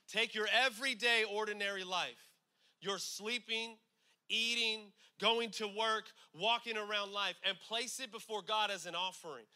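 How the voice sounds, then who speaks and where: High, bright-voiced energetic preacher man. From California. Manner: energetic, repeats lines for emphasis, reads scripture slowly; conversational asides like "you know what I'm saying". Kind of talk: sermon.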